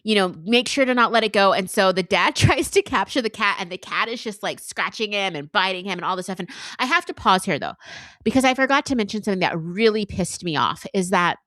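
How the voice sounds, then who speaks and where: A tipsy woman co-hosting a book podcast, rambling through a plot recap with animated asides. Her voice is bright and forward. The sound is close and dry. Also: mid-range voice, fairly quick, no echo. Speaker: book club podcast co-host. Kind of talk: casual chat.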